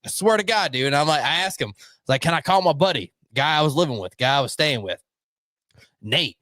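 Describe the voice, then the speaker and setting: A man's voice: on the high side, animated, fairly quick, pushed and bright, no room sound. Young man, casual chat, swears a lot, rambling anecdotes, dry recording. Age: young adult. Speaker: podcast co-host. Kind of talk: casual profane storytelling.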